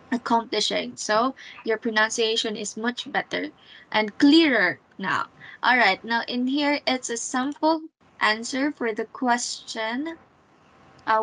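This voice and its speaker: A woman's voice: fairly high pitch, fairly bright tone, low-quality recording. A woman teaching a one-on-one English lesson over a video call, patient and encouraging, with frequent fillers and repeated words.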